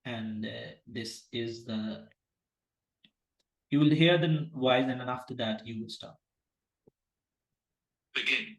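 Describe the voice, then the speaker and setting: A man's voice: mid-range voice, takes it slowly, pauses often, reverberant, low-quality recording. A man teaching an online exam-prep class, talking with many fillers and restarts. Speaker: medical exam tutor. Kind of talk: online class, then role-playing a patient.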